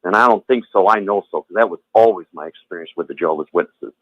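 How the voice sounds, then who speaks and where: A man's voice: deep voice, fast, no room sound. A man speaking over a thin, phone-like line with a dry, close sound. He talks bluntly and at length, circling back to the same words and tossing in profanity. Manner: rambling, repeats himself, blunt and profane. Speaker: former Jehovah's Witness sharing his story. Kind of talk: heated phone conversation.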